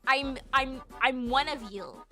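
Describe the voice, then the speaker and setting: Casting: high, bright-voiced woman, chatty and profane, streaming live. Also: takes it slowly, faint music behind. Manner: bubbly, profane, chatty with viewers. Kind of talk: casual live-stream chat.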